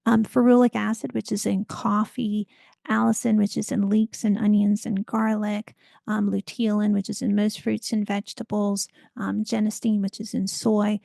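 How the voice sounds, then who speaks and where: A woman guest expert in an interview, explaining health science in an informative, measured way. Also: medium pitch, level tone, creaky, mellow, no room sound.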